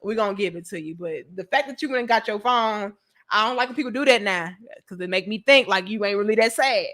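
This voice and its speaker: A woman's voice: mid-range voice, quick pace, a bit bright. A woman hosting a casual commentary show, talking straight to her viewers in a slangy, blunt, teasing way with some swearing. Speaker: host.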